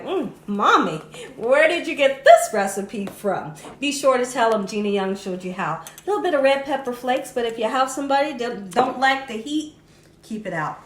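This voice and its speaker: A woman with a fairly high voice hosts a home cooking lesson, talking straight to her viewers in a chatty, encouraging way. The kitchen rings with echo, and a faint ambient hum sits underneath. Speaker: cooking channel host. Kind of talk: casual cooking demonstration.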